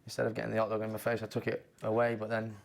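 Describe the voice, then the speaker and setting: Fast flat-voiced footballer. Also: male voice, on the low side, gravelly. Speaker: footballer guest. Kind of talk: casual anecdote.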